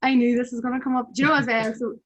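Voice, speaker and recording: A woman's voice: fairly high pitch, level tone, very fast, highs cut off. Young northern irish woman, casual podcast guest, chatty and rambling. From Tyrone, Northern Ireland. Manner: chatty, full of "like" fillers. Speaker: podcast guest, amateur boxer. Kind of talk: casual chat.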